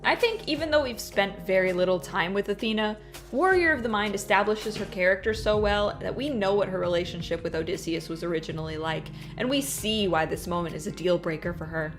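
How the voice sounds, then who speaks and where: A woman's voice: mid-range voice, brisk, faint music behind. A woman hosting a video essay, delivering a scripted review in an opinionated, nitpicking and dryly humorous way.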